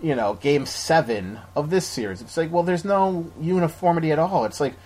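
Husky guy rambling through sports talk, lots of restarts, opinionated. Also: on the high side, moderate pace, a little mellow. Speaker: podcast co-host. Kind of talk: casual sports chat.

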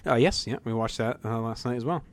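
A man's voice: medium pitch, fast, no echo. A man co-hosting a casual comedy podcast, ranting and swearing with jokey outrage. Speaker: podcast co-host.

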